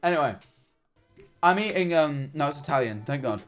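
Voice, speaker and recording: A man's voice: a little high, expressive, moderate pace, a bit bright, soft background music. A man, chatting casually on a livestream and telling rambling, jokey stories. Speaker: streamer.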